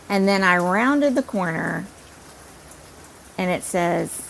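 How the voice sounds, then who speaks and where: A woman podcast host telling a personal story in an animated, self-deprecating way. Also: mid-range voice, takes it slowly, gravelly, pauses often, slight background noise, rough recording.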